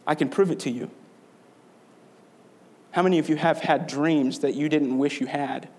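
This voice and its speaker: A man's voice: on the high side, fairly even intonation, moderate pace, darkish tone. A man delivering a sermon as pastor, earnest and conversational, asking his listeners rhetorical questions.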